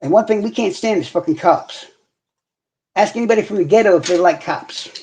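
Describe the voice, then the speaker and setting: A man's voice: sits high, brisk, warm tone, a little hiss or hum. A man hosting a casual livestream, ranting in heavy profanity and answering viewers' comments directly. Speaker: livestream host.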